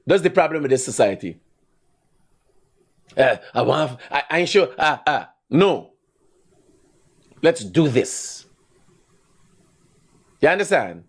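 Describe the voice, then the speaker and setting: A man's voice: medium pitch, takes it slowly, long pauses, husky. Guyanese guy ranting on his live stream, big swoopy voice, keeps cracking up laughing. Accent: Guyanese Creole. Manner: animated, ranting, bursts of laughter. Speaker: livestream host. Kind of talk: rambling live-stream commentary.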